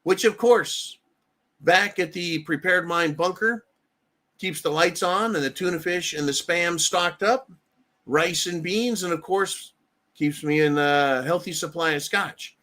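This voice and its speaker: An American man hosts a live talk stream, with a voice pitched a little above the usual male range. He talks bluntly, swears freely and keeps checking in with "right?". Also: a little slow, sharp tone. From United States. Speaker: livestream host. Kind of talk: casual political commentary.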